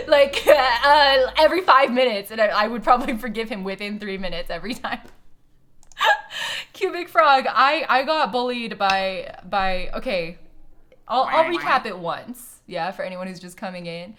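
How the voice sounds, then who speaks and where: A woman's voice: a little high, very animated, moderate pace, fairly bright tone, soft background music. A young woman live-streaming from her desk at home, chatting casually with her viewers. She swears a lot and laughs often.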